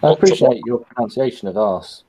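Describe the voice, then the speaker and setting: A man chatting on a video call, speaking hesitantly with many pauses and ums. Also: medium pitch, animated, background noise. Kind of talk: casual group chat.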